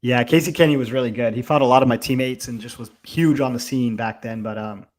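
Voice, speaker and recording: A young man with a medium-pitched, fairly even voice talks fast while co-hosting a fight watch-along. His casual live commentary is loose and profane, packed with fillers.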